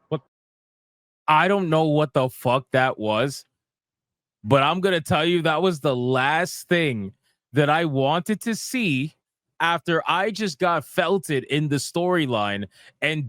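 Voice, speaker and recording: A man's voice: on the high side, a bit bright, no echo. A man giving casual, profane gaming commentary, ranting in exasperation and repeating himself.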